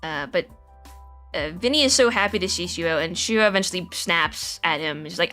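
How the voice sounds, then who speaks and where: A woman's voice: lowish voice, animated, fairly quick, pushed and bright, soft background music. A woman chatting casually on her live stream, rambling through a story idea with lots of giggles and restarts.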